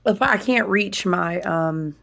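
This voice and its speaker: A woman with a hoarse, husky voice that is still recovering, chatting casually to camera about her candle and ritual craft, peppering her talk with "y'all" and "listen.". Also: mid-range voice, a little slow. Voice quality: husky, smoky-sounding. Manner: chatty, animated, says "y'all" and "listen" often. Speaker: candle and ritual tool maker.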